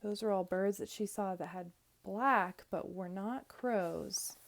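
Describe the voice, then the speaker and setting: Female teacher, read-aloud for little kids, clear and expressive, mid-pitched. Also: slow pace. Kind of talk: reading a picture book aloud to young children.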